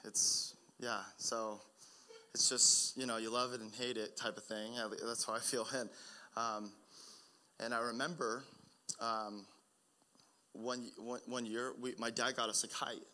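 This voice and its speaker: A young man preaching a sermon, telling personal stories in a conversational way that builds to loud, urgent emphasis. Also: mid-range voice, flat delivery, unhurried. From Oregon, United States. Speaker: pastor.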